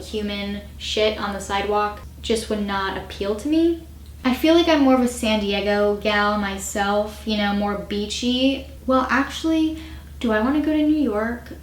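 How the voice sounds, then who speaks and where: A woman's voice: mid-range voice, moderate pace, slight background noise. Chatty young woman, roomy echo. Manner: chatty, swears freely, self-mocking. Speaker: vlogger. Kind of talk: casual chat to camera.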